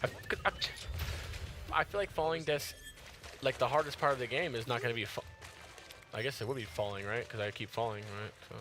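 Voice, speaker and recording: A man giving chatty, excitable live commentary while playing a game, tired after an early start. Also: mid-range voice, a little fast, long pauses, background noise. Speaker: gaming streamer.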